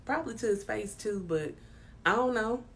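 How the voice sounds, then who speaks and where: A woman's voice: mid-range voice, lively intonation, normal speed, slight background noise. A woman candidly telling a personal story in a frank, emphatic way, with casual swearing.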